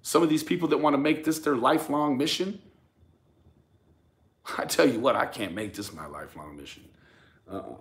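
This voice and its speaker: A man's voice: medium pitch, expressive, normal speed, long pauses, fairly bright tone. A man hosting a casual commentary rant for his channel, speaking emphatically, often stammering and repeating words as he addresses viewers and critics directly. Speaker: YouTube true crime commentator.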